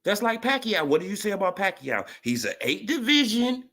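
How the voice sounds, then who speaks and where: A man's voice: high voice, normal speed. Guy w ranting on a boxing vlog, voice swinging way up and down, swears a lot. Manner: animated, profane, rising to excited rants. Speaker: boxing commentator vlogger. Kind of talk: casual monologue.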